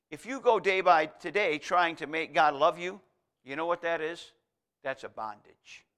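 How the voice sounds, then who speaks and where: A man preaching with a high, bright, ringing voice. He hammers home his points through paired contrasts and reads scripture aloud between them. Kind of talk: sermon.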